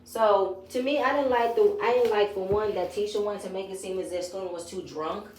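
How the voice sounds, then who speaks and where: A woman's voice: mid-range voice, fairly quick, darkish tone. A woman giving a chatty, opinionated recap of a reality show, retelling scenes in her own words. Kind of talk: casual episode review. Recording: echoey room.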